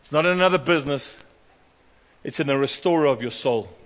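A man preaching a sermon, animated and storytelling, acting out the voices of the people in his stories. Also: on the high side, brisk. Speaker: pastor. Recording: long hall reverb.

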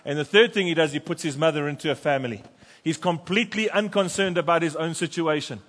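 A pastor preaching a sermon and reading scripture aloud with fervent emphasis in a church. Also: male voice, on the high side, quick pace, a bit bright. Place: church sanctuary. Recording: long church reverb.

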